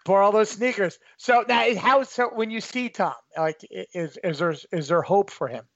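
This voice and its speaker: A man's voice: sits high, moderate pace, fairly bright tone, no echo. A man hosting a casual interview, asking jokey teasing questions. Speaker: host. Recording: dry muffled lo-fi mic.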